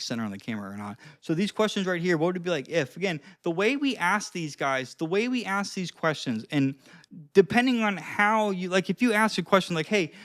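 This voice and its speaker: A young man with a slightly high voice talks casually to his camera at home, recorded close and dry. He coaches on conversation, throwing in plenty of "like" and "dude" and acting out both sides of a chat. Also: no room sound. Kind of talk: casual advice monologue to camera.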